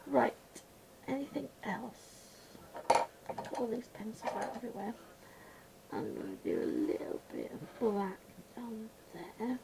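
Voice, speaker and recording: A woman chatting casually while she colours at a desk at home, rambling and mumbling quietly to herself, a little blocked up with her voice going gruff. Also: fairly high pitch, huge pitch swings, unhurried, background noise. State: slightly congested, voice going gruff. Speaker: colouring channel host. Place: small room at home.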